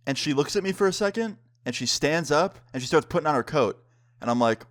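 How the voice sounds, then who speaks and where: A relaxed young man recounts a wild personal story in a casual storytime style. His voice sits in an ordinary middle pitch, and he slips into quick impressions of the people he quotes. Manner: laid-back, acts out quotes of friends.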